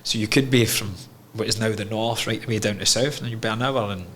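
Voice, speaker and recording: A man's voice: on the low side, steady tone, brisk, a bit bright, a little hiss or hum. Scottish man telling a candid story. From Scotland. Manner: earnest, reflective storytelling with frequent swearing. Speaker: podcast guest. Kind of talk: candid conversation.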